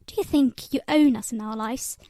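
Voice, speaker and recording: A woman's voice: a little high, moderate pace, mellow, no echo, close to an everyday voice. A woman voicing an angry young male stableman who growls and mocks, in a read-aloud novel. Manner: bitter, growling, mocking.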